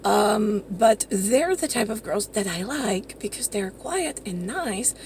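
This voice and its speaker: A woman's voice: mid-range voice, expressive, takes it slowly, a little mellow, slight background noise. A woman talking in a rambling, profane monologue that jumps from topic to topic.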